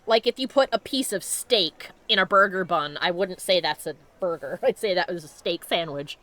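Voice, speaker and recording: A woman's voice: on the low side, lively intonation, fairly bright tone. Chatty woman playing a game. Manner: chatty, giggly, reads dialogue in quick funny voices. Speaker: let's play host. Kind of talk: casual gameplay chat, reading game text aloud.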